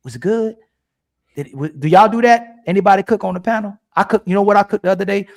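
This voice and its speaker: A man's voice: high voice, racing, vocal fry. A man hosting a casual livestream panel, reading super chats aloud in a slangy, playful, teasing way.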